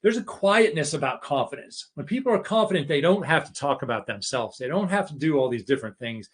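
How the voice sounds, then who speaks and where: A man's voice: a little high, expressive, a little fast, husky. A middle-aged man giving a conversational leadership masterclass, restarting phrases often and acting out short bits of dialogue. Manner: conversational, many restarts, acts out quoted dialogue. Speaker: keynote speaker on leadership. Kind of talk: live masterclass talk.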